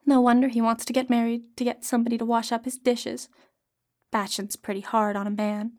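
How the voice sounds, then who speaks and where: A woman's voice: a little high, little pitch movement, fairly quick, lightly acted. A woman reading the lines of a vain, hot-tempered young woman in a storybook tale. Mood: scornful. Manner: sharp, scornful, then pleading.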